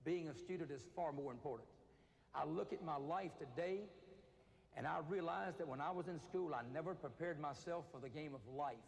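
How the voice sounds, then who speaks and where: A man's voice: fairly high pitch, a little fast, vocal fry. Man speaking in a reverberant hall. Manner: storytelling, acts out voices of inmates. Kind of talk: motivational talk to teenagers. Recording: reverberant hall with faint noise.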